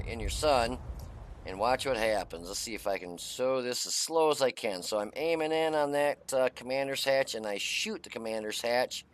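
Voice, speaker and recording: A man's voice: medium pitch, clean tone. Folksy middle-aged man narrating gameplay. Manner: chatty, folksy, many uh fillers. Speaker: gaming channel host. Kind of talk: casual gameplay commentary.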